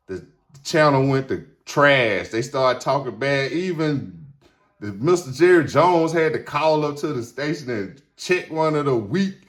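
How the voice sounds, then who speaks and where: A man hosting a sports talk show, delivering a fired-up, combative monologue full of repeated hype lines. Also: mid-range voice. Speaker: sports radio host.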